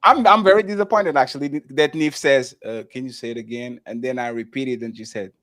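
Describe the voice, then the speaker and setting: A man's voice: mid-range voice, a little fast, a bit bright, dry recording. A man hosting a live-streamed talk show, chatting loosely, stumbling over restarts and thanking viewers by name. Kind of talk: casual live-stream chat.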